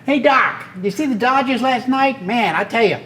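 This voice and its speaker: A man's voice: very high-pitched, normal speed, pushed and bright, slight background noise, pitched above the performer's own voice. A man putting on a chatty Brooklyn cabbie. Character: adult male Brooklyn cab driver, chatty and brash.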